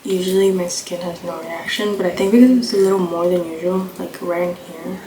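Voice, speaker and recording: A slightly hoarse young woman chatting casually through a makeup tutorial, rambling and full of fillers, recorded on a phone camera at home. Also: lowish voice, fairly even intonation, brisk, dark tone. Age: young adult. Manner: rambling, filler-heavy, offhand. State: slightly hoarse, coming down with a cold. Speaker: beauty vlogger. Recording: echoey room with clear background noise.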